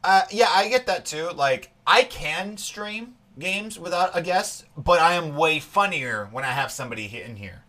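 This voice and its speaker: A man's voice: a little high, lively intonation, moderate pace, few pauses, sharp tone. A young man co-hosting a podcast, chatting casually and rambling, often quoting people in put-on voices. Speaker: podcast co-host. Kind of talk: casual chat.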